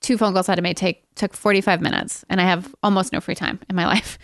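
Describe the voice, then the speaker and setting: A woman's voice: fairly low pitch, fairly even intonation, fast, creaky, dry recording, clean studio sound. A woman co-hosting a podcast, telling a rambling story in casual chat and laughing often along the way. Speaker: podcast co-host.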